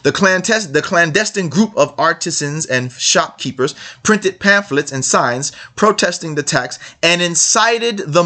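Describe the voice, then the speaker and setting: Man, fairly high voice, emphatic commentary monologue, repeats points, talks straight to listeners. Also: bright, forceful tone. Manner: emphatic, repetitive, addresses listeners directly. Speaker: online commentator. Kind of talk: monologue reading and commenting on a text.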